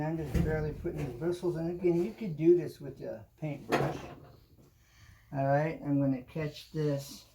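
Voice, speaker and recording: Slow, gravelly man demonstrating a craft. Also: fairly high pitch, slight background noise. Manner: relaxed, talks while working, repeats "kinda" often. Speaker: home improvement show host. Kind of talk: casual how-to demonstration.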